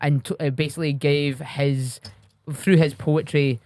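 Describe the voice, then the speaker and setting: A man's voice: fairly high pitch, a little slow, no echo. A man from the UK co-hosting a podcast, chatting casually with frequent ums and uhs. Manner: relaxed, hesitant with frequent fillers. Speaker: podcast co-host. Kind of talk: casual chat.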